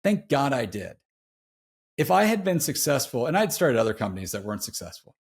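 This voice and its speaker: A middle-aged man on a podcast shares a confessional, heartfelt story in relaxed slang, frequently saying "dude." His medium-pitched voice is very animated and brisk, with a creaky, husky texture, in casual interview storytelling.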